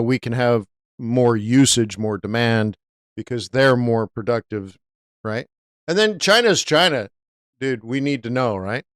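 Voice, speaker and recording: A middle-aged man tells a story casually during a livestream, loose and meandering, tossing in fillers as he goes. His voice is smooth and clear, recorded dry and close with no room sound. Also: medium pitch, a bit bright, no echo. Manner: laid-back and rambling, with "dude" and "right?" fillers. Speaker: forex trading livestream host.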